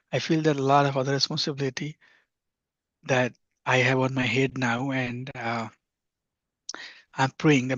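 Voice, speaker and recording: A man teaching a devotional scripture class, earnest, often sinking to a hushed near-whisper. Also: mid-range voice, no room sound. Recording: dull lo-fi, dry sound.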